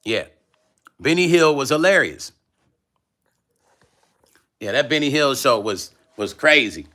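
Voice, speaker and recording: A middle-aged music vlogger reads live chat messages on a livestream, his medium-pitched voice moving slowly. He's relaxed and loose, laughing often and drifting from topic to topic as he rambles.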